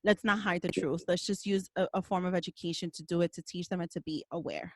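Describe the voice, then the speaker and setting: A woman's voice: lowish voice, fairly even intonation, fast, darkish tone, no echo. Passionate woman podcast host, dry sound. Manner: passionate and emphatic, with occasional swearing. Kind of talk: casual podcast conversation.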